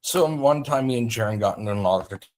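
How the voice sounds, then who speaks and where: A man hosting a livestream rants agitatedly about a feud, restarting his sentences often. His mid-range voice is animated and fast, with a slightly mellow quality.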